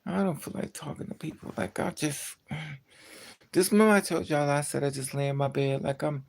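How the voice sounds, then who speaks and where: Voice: medium pitch, brisk, creaky, a little mellow. A livestreamer in casual chat with viewers, telling stories bluntly and with lots of swearing, sounding tired and trailing off at times. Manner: profane, blunt storytelling.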